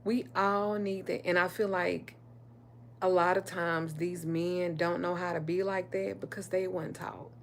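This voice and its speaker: Candid woman, lowish voice. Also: flat delivery, a little slow, gravelly, a little hiss or hum. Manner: candid, emphatic, swears freely. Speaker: spiritual reader and livestream host. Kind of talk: casual livestream storytelling.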